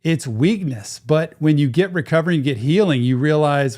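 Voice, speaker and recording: A man's voice: on the high side, moderate pace, hardly any pauses, a little mellow. A man, a therapist, giving casual, enthusiastic and reflective commentary while reacting to a song. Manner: enthusiastic, reflective, talks over the track. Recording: music playing in the background.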